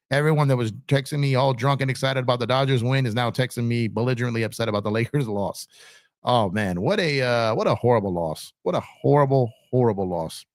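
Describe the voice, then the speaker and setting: A man hosting a sports live stream, chatting casually and reacting out loud in excited bursts while greeting viewers by name. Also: medium pitch, no room sound, studio quality. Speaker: sports channel host.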